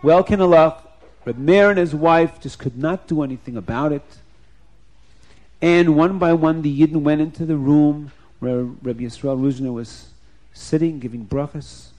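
A man's voice: on the high side, moderate pace, darkish tone. A man telling a story to children, speaking directly to his young listeners with playful rhyming asides.

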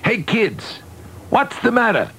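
A man's voice: extremely high pitch, very animated, takes it slowly, fairly bright tone, breathy edge, voice pushed up, heavily acted. A man voicing an eager, confident young schoolboy in a read-aloud story, speaking earnestly and self-assuredly.

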